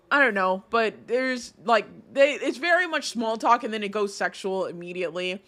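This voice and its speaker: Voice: medium pitch, normal speed, hardly any pauses, pushed and bright. A streamer giving casual commentary while reading chat screenshots aloud, stammering through restarts and ranting with heavy swearing. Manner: outraged, vengeful rants.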